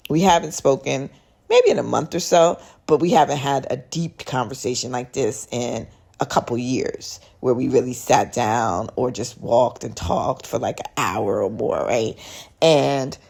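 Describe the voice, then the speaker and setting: A woman's voice: very deep voice, unhurried, gravelly, darkish tone, slightly rough. A woman hosting a podcast, chatting in a rambling way and retelling a conversation with a friend. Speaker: podcast host. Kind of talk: casual podcast storytelling.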